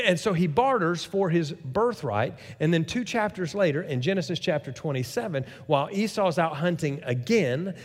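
A man preaching a sermon, telling a story with lively acted-out quotes. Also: high-pitched, long reverb tail. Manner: animated storytelling, acts out quoted voices. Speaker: pastor.

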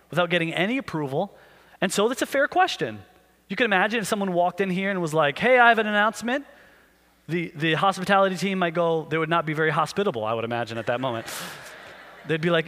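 A pastor delivers a sermon in a high, light voice. He tells the story with animation and acts out the questions people ask. His voice carries a long echo from the hall around him. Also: animated, brisk, fairly bright tone.

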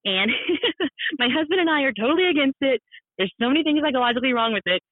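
A woman's voice: high voice, fast talker, no room sound. Woman in her 30s, chatty podcast guest, narrow phone-line sound. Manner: animated, self-deprecating, laughs often, many fillers. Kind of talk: casual storytelling on a podcast. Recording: thin phone-like sound, dry.

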